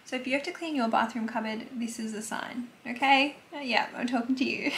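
A woman's voice: a little high, steady tone, a little fast, few pauses, a bit bright, slight background noise. A young woman in her twenties, vlogging casually at home into a phone camera, chatty and confiding, swearing now and then. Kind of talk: casual vlog chat to camera.

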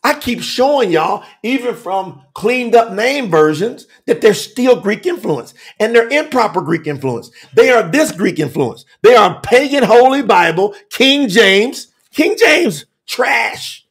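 A man preaching a fiery telethon sermon, emphatic and repetitive, swinging from shouts to hushed asides, with Southern US dialect grammar. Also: sits high, very animated, a little slow, hardly any pauses.

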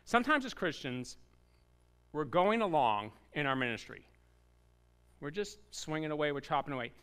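A man preaching in a church with a high, bright, clear voice. He tells his story with playful voiced asides and keeps tossing rhetorical questions at the congregation. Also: expressive, moderate pace. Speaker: pastor. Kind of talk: sermon. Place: church sanctuary.

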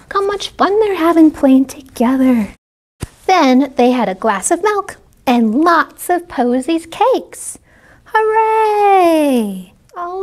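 Children's librarian at story time, high voice, slow and gentle, woman. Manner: gentle, exclamatory, asks children questions. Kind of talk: children's story read-aloud.

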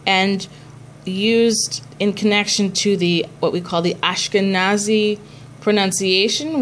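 A woman's voice: mid-range voice, a little hiss or hum. A woman cantor teaching a class on chanting prayers, explaining patiently and chanting short examples.

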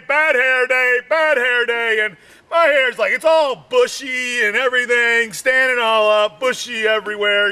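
A man doing a rambling stand-up monologue, drawling and meandering, full of "you know, man," with sudden shouted bursts. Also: very high-pitched. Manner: bursts into shouting and sung snippets. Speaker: stand-up comedian.

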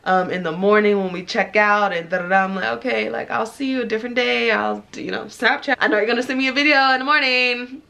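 A woman in her twenties telling a storytime to her viewers in casual chat, animated, acting out the people she quotes. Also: a little high, quick pace, creaky, hardly any pauses. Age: 20s. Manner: animated, laughing, acts out quoted lines. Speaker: vlogger.

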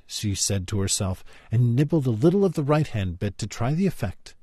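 A man reading a children's classic aloud in an expressive, storytelling way. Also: mid-range voice, normal speed, breathy edge, no echo, studio quality.

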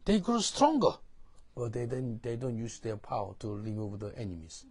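A man's voice: fairly low pitch, steady tone, brisk, crowd noise. A male pastor teaching from the Bible in broken English, often checking "do you understand?". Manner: non-native English, broken grammar, frequent "do you understand?".

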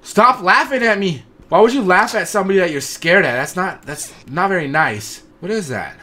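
A man commentating his own horror game playthrough, jumpy and excitable, swinging from nervous mutters to panicked yelps. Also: high-pitched, normal speed. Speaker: gaming channel host.

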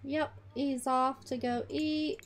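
A woman's voice: sits high, fairly even intonation, takes it slowly, slight background noise. A woman hosting a gaming channel, chatting casually to her characters as she plays. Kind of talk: casual life-sim gameplay commentary.

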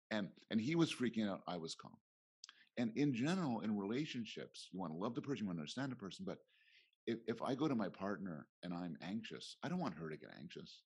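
Husky and darkish, with a lowish, sing-song voice and quick pace, a middle-aged male professor speaks as a guest in a conference interview. He's reflective and acts out short quoted exchanges in others' voices.

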